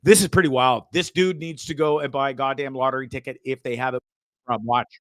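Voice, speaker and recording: A man's voice: medium pitch, steady tone, fairly quick, fairly bright tone, dry recording, studio quality. A man hosting a show, casually commenting on videos with frequent swearing, stammered repeats and laughter. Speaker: show host.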